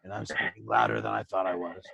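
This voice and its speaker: A man with a gravelly voice plays a tabletop game, stumbling and restarting as he describes his character's actions. The recording is dry and close. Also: deep voice, sing-song, pushed and bright, no echo. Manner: halting, stammering in-character descriptions. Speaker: player. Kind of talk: tabletop role-play.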